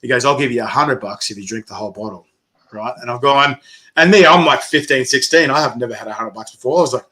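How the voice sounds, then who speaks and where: A man's voice: medium pitch, fast talker, bright, forceful tone. A man hosting a casual chat, telling stories animatedly with swearing and frequent laughter. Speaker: interviewer host.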